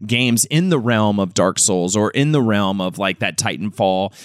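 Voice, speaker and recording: A man's voice: on the low side, expressive, moderate pace, clear, resonant tone, dry recording, studio quality. A man co-hosting a podcast in casual chat, talking enthusiastically and rambling with frequent restarts. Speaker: podcast co-host.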